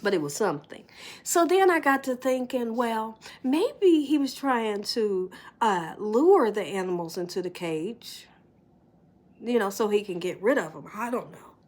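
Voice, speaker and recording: A middle-aged woman vlogging from home, telling a story to her viewers in an animated way, laughing often and dropping to whispers. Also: on the high side, unhurried.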